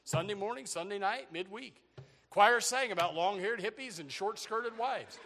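An older man preaching a sermon, animated and joking, with bursts of shouting. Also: sits high, normal speed, slight background noise. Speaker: pastor.

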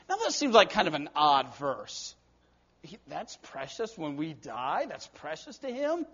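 A man preaches a sermon, telling stories and moving between hushed lines and emphatic bursts. His voice sits high for a man. The recording sounds dull and lo-fi. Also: very animated, a little slow. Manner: storytelling, swings between soft and emphatic.

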